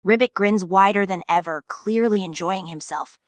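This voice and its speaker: A woman's voice: mid-range voice, normal speed, no echo. A woman narrating a fan story in a casual storytelling way. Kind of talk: reading a fan story aloud.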